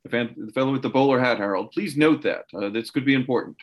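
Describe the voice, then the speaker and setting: A man's voice: medium pitch, quick pace, dull audio, close to an everyday voice. A man voicing an earnest male investigator who warns a friend in urgent, stumbling speech. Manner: urgent, stumbling over words.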